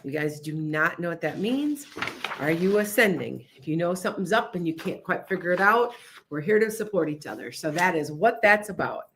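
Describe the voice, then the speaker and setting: A woman's voice: on the low side, animated, moderate pace, fairly bright tone, slight background noise. Chatty woman hosting a livestream. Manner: chatty, scattered, emphatic and insistent. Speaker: livestream host, psychic reader. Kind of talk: casual livestream chat. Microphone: streaming setup.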